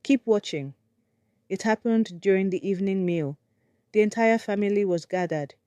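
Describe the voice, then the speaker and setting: A woman's voice: medium pitch, normal speed, mellow, smooth, dry recording. A woman storyteller narrating a dramatic folktale with suspense.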